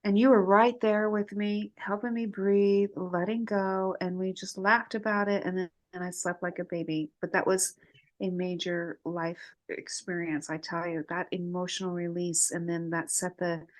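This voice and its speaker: A woman retreat guest telling an emotional story in casual conversation, animated and expressive. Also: fairly low pitch, moderate pace.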